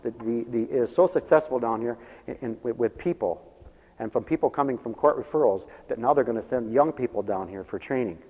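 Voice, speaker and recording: A man preaching a sermon as pastor, swinging between quiet asides and loud emphatic calls. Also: mid-range voice, fairly quick. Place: church. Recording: muffled church recording with long reverb. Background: radio ministry broadcast of a church service.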